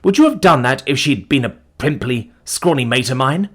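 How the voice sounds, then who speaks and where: A man's voice: medium pitch, expressive, normal speed, a bit bright, slightly rough, pitched above the performer's own voice. A man voicing an angry, bitter young man who swears and sneers sarcastically. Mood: accusing.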